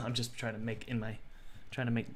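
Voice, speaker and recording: A man's voice: mid-range voice, monotone, a little fast. A young man live-streaming game development, talking to himself and his chat as he works. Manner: self-talking, thinks aloud, chatty with chat. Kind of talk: casual live-stream talk while working.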